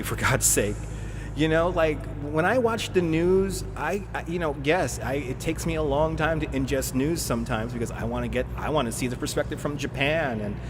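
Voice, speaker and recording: A man in his thirties from the United States talks through a live stream in loose, rambling chat. He is sarcastic and swears freely, with chuckles along the way. His mid-pitched voice carries a long, roomy reverb over clear steady background noise.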